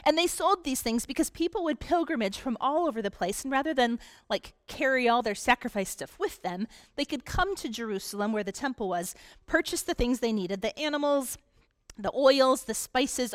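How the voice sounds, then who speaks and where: A woman pastor delivering a conversational sermon, slowing into emphatic pauses on key points. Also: on the high side, lively intonation, no echo. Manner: conversational preaching with dramatic pauses.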